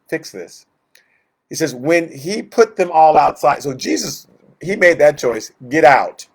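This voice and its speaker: In a medium-pitched voice, a man leads a Bible study in a conversational teaching style. Fillers come often, and he acts out the voices of those in the stories he retells.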